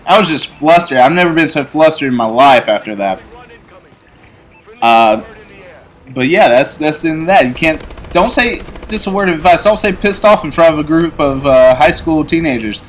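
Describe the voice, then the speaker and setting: A man in his twenties telling a personal story in a casual, rambling way, full of fillers and restarts, growing animated as he recounts it. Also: a little high, normal speed, a little hiss or hum. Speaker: YouTuber telling stories. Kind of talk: casual storytelling over gameplay.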